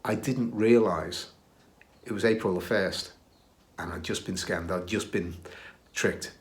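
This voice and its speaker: A man's voice: low voice, measured pace. Middle-aged British man telling workplace stories. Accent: British English. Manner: chatty, self-deprecating, with filler "uh"s and restarts. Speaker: podcast host recounting his career. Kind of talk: casual storytelling.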